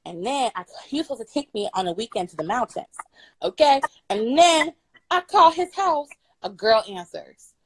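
A young woman from Florida tells a personal story in a loud, bubbly, playful way and swears freely. Her voice sits fairly high. The sound is dry and close. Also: lively intonation, moderate pace, husky, no echo, rough recording. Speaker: guest storyteller. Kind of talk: casual storytelling on a live stream.

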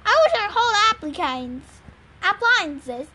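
A woman's voice: very high-pitched, big pitch swings, measured pace, sharp tone, slight background noise, voice pushed up, exaggerated voice. A woman doing a taunting cruel trucker. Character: gruff male trucker, mocking and cruel.

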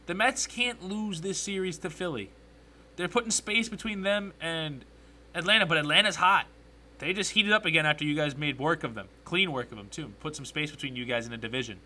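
A young man hosting a solo sports podcast, ranting with strong opinions, getting excited and correcting himself as he goes. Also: a little high.

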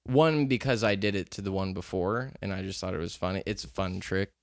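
Low-sitting and gravelly, this podcast co-host's voice moves a little fast. He rambles through a story in casual chat, using lots of fillers, captured in clean studio sound with no room sound.

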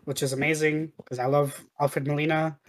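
A speaker chatting casually about a film, relaxed, often stammering at the start of a phrase. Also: medium pitch, normal speed. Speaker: film discussion co-host. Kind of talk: casual chat.

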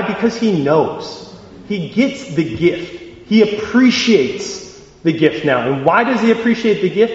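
Animated young preacher in an echoey hall. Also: male voice, high voice. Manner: animated, asks the audience questions, acts out voices. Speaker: youth preacher. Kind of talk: sermon with acted-out scenarios. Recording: echoey hall, slightly dull.

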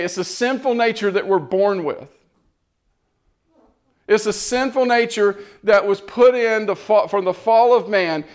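A man giving an impassioned, earnest sermon testimony, repeating phrases as he builds. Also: high voice.

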